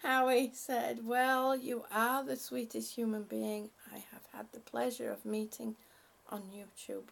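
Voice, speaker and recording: A woman's voice: on the high side, level tone, measured pace, vocal fry. A woman on a live stream reading out viewer comments and thanking them, emotional and laughing often, a little short of breath.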